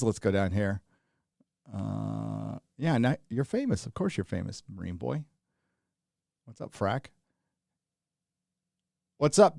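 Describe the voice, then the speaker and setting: A man's voice: medium pitch, gravelly, darkish tone, dry recording, clean studio sound. A tired man hosting a livestream, chatting casually and rambling as he reads out viewer names. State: tired, running on little sleep. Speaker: livestream host.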